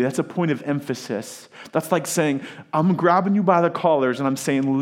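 A middle-aged man preaching a sermon, emphatic, with dramatic pauses and swings from loud to hushed. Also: on the high side. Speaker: pastor.

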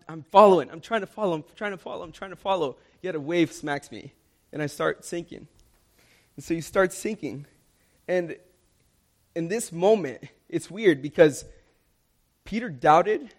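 Young man, preacher, earnest emphatic sermon, repeats lines for stress, slightly higher voice.

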